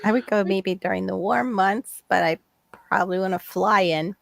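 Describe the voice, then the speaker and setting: A woman chatting as a guest on a livestream, friendly and quick to laugh. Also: medium pitch, creaky, crowd noise. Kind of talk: casual live chat.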